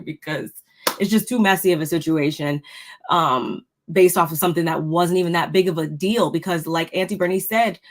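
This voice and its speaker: Chatty low-voiced woman co-host. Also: slight background noise. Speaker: co-host of a reality TV recap. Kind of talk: casual recap chat with live viewers.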